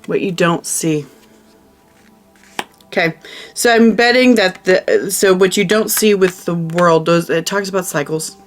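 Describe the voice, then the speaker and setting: A woman's voice: lowish voice, a little slow, soft background music. A woman giving a casual tarot reading, chatty and emphatic, who often repeats her phrases. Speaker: tarot reader.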